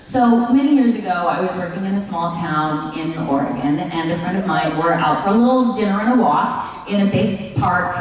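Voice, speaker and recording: A woman on a convention panel telling a story, animated, swearing casually and laughing as she goes. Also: lowish voice, normal speed. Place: large convention hall with a crowd. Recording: echoey hall from far off, crowd noise.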